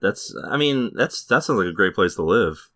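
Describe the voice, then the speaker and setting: Low-voiced joking male podcast host. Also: animated, normal speed, a bit bright, no echo. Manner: jokey, laughs often, trailer-voice intro. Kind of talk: casual comedic chat.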